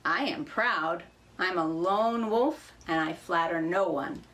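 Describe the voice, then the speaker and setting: A woman's voice: on the low side, takes it slowly, fairly bright tone. A woman reading a proud, scornful lone wolf.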